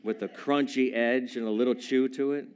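A man preaching a sermon to a live congregation, retelling a story in a playful, animated way with chuckling asides. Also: medium pitch, normal speed. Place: church service with a live congregation.

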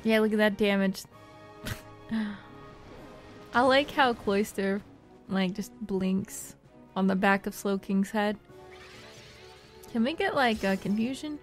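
A woman's voice: medium pitch, takes it slowly, long pauses, faint music behind. A young woman hosting a let's play, giving casual, bubbly game commentary and often laughing.

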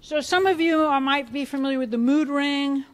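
Animated woman lecturing a live audience. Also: high voice, moderate pace. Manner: animated, asks the audience questions, acts out reactions. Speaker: biofeedback clinician presenting a workshop. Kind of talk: lively hands-on lecture. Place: conference room with a live audience.

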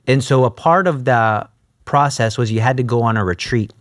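A man's voice: medium pitch, a little fast, no echo, clean studio sound. A man telling his faith story in a conversational interview, acting out his own past dialogue. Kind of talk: conversational testimony.

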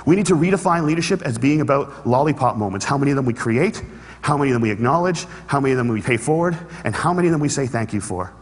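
Fast-talking man in a big hall. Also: medium pitch, lively intonation. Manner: storytelling, earnest, humorous asides. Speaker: speaker. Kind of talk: inspirational stage talk. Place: large hall with an audience. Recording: reverberant hall.

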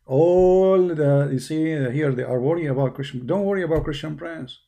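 Sarcastic mellow-voiced man taunting. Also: on the high side, normal speed, gravelly. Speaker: online debater. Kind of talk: mocking stream monologue.

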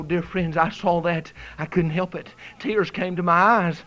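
A male preacher delivers a revival sermon, fervent and swinging from hushed storytelling to shouted exhortation. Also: high-pitched, steady tone, a little slow, few pauses, poor audio.

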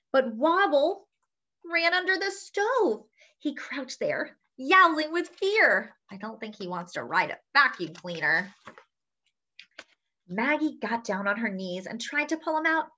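Woman storyteller for kids, animated and bright, engaging listeners with questions; muffled lo-fi recording. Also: sits high. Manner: lively, asks young listeners questions. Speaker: children's story reader. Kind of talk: read-aloud storytelling for children. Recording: dull lo-fi sound.

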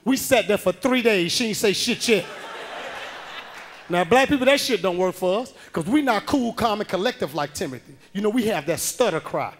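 Male stand-up comic, high voice, loud animated storytelling, club stage mic. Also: normal speed, a little hiss or hum. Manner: loud animated storytelling, acting out the people he quotes. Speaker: stand-up comedian. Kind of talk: stand-up comedy routine.

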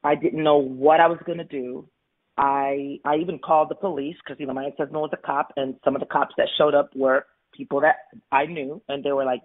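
With a deep, level-toned voice and a slightly fast pace, she speaks as a radio interview guest by phone. The money coach recounts her own story frankly and with emphasis, her sentences tumbling into restarts.

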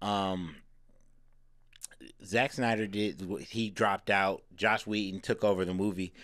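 A man's voice: lowish voice, fairly even intonation, takes it slowly, a bit bright, dry recording. Man rambling on, explaining at length. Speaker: podcast co-host. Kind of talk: casual chat.

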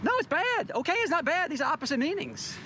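A man's voice: very high voice, very animated, quick pace, background noise. A man in a parking lot, filming a stranger and pressing him in an insistently mock-polite way, calling him sir. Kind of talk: confrontational street filming.

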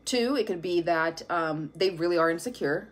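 A woman's voice: fairly low pitch, moderate pace. Brief: woman tarot reader, casual, blunt and profane delivery. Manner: blunt, profane, laughing often. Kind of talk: casual tarot reading to camera.

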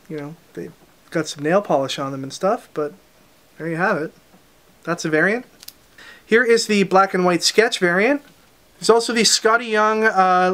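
Presenting this week's comic releases, a man whose voice sits notably high moves briskly from one title to the next like a casual unboxing. He tosses in quick asides as he goes, and his tone is a bit bright.

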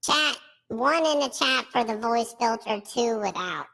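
Man using a voice filter, high creaky filtered voice, slow, brash streetwise eater, slangy hype talk. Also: animated, sharp tone, full character voice. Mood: bantering. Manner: swaggering, slangy hype talk while eating. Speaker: streamer doing a mukbang.

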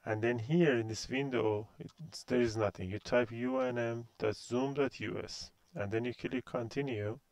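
With a mid-range, somewhat dark voice, an Iranian man in his thirties introduces his university course in a recording that has no room sound. His Persian-accented delivery moves at a moderate pace with few pauses, though he hesitates and relies heavily on fillers.

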